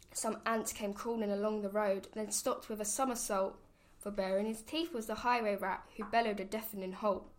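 Expressive woman reading a rhyming picture book. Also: medium pitch, moderate pace. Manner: rhythmic, expressive sing-song reading. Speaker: storybook reader.

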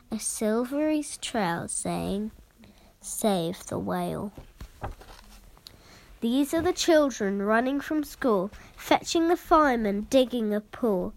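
A woman reading a rhyming picture book aloud, in a lilting delivery that drops to soft whispers at times. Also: a little high, low-quality recording. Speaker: storyteller.

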